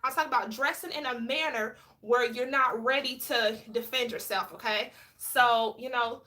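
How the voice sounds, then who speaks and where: A woman, a former police officer, talking casually to camera in an animated, frank and outspoken way. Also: fairly high pitch, normal speed. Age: adult with a child.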